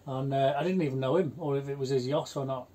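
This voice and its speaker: A man, telling blunt, chatty stories in a relaxed conversation. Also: medium pitch, quick pace. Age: 60s. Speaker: houseboat vlogger. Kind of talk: casual chat.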